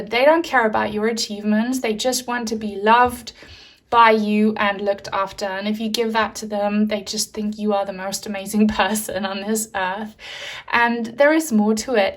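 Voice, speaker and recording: A young adult woman giving a gentle, emotional pick-a-card tarot reading, with soft laughs and many fillers. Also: medium pitch. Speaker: tarot reader.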